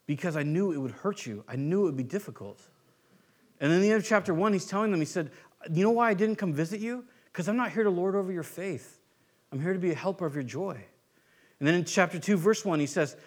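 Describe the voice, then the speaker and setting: High-voiced man preaching conversationally. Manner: conversational, acts out quoted voices. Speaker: pastor. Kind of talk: sermon.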